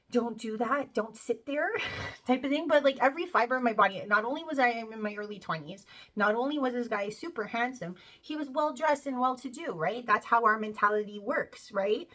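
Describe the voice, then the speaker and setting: A woman's voice: fairly high pitch, animated, brisk, fairly bright tone. Chatty woman talking to her viewers. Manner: chatty, peppered with "you know" and "right?"; laughs while telling the story. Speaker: spiritual video creator. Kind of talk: casual monologue to camera.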